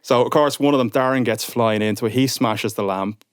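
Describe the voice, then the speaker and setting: A man's voice: medium pitch, fairly quick, smooth, no room sound, clean studio sound. A man, a podcast guest in his thirties, telling a story and acting out what people said. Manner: animated storyteller, acts out quotes. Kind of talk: casual podcast chat.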